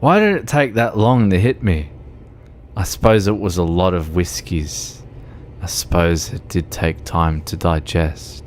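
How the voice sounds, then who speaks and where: A man's voice: sits low, a little slow, a little hiss or hum. A drunk man with an Australian accent, streaming a driving game and chatting in a rambling, sweary way, laughing often. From Melbourne, Australia. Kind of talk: casual chat while playing a driving game.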